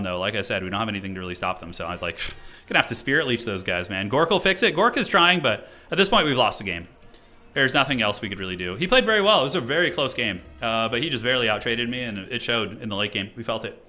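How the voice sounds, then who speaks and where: A man with a bright, forceful voice at an ordinary middle pitch, casually narrating his own strategy match for stream viewers. He thinks out loud, hedges with fillers and picks apart his own mistakes. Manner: casual, self-critical, thinks aloud with many fillers. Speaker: streamer playing a competitive strategy tournament. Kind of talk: live game commentary to viewers.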